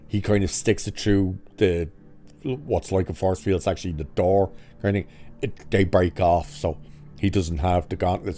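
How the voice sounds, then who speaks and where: A man reviewing movies casually recaps a film's plot, sarcastic and swearing as he mocks scenes with exaggerated quoted lines. His voice is low and mellow.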